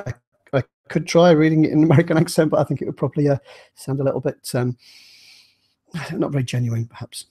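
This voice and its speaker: A man's voice: fairly high pitch, fast, pauses often, dark tone, husky. A man with a slight cold, casually discussing a novel in a thoughtful, rambling way and then reading passages aloud. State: slight cold, clears throat. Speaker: book reviewer.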